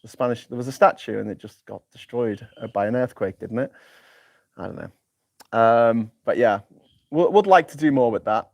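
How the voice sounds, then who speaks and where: A man's voice: mid-range voice, moderate pace, vocal fry, a little mellow, dry recording, studio quality. A man hosting a casual live stream, rambling and self-deprecating, often stumbling and repeating words as he reads comments. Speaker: host.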